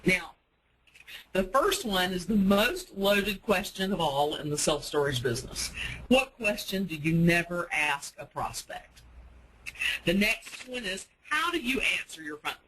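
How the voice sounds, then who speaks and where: A woman's voice: fairly low pitch, expressive, moderate pace, a bit bright, a little hiss or hum, poor audio. A woman giving a sales-training webinar for self-storage managers, speaking in a practical, coaching way with frequent fillers. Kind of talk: webinar presentation.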